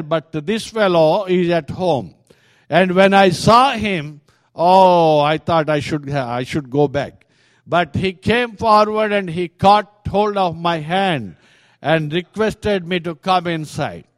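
An earnest Indian man gives his testimony in a sermon, speaking in a high voice. He talks slowly and in halting bursts, often restarting mid-sentence. The sound is dry and close. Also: no room sound. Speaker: preacher.

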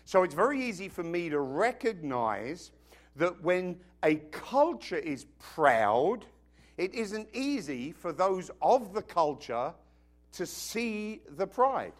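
A British man delivers a sermon in a high-pitched voice that swoops through a wide, lively range. He is emphatic, mixing jokes into his preaching, and keeps checking in with the congregation. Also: slow pace. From Britain. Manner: emphatic, joking, asks the congregation questions. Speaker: pastor.

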